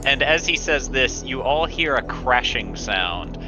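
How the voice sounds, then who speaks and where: A man's voice: medium pitch, lively intonation, unhurried. A man narrating a tabletop game as game master, laughing often and restarting words, over background music. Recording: dull lo-fi stream audio.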